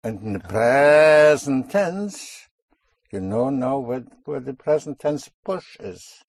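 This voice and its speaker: A man's voice: mid-range voice, moderate pace, gravelly, dark tone, husky, no echo. A man teaching a language class, patiently drilling words and correcting pronunciation.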